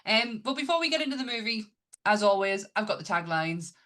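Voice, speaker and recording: A woman with a Northern English accent co-hosting a casual live-stream chat, lively and quick to laugh. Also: medium pitch. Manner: lively, quick to laugh, reads disclaimers brightly. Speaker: podcast co-host.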